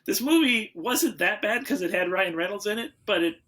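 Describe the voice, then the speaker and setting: On his casual film podcast, this host speaks at a moderate pace in a high-pitched voice. He spins stories with plenty of energy, performing the quotes in over-the-top voices.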